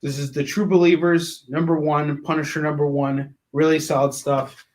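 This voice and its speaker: A man co-hosting a live comic shopping stream, pitching books and prices with playful drawn-out delivery. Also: level tone, a little mellow, roomy sound, low-quality recording. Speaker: co-host selling comics.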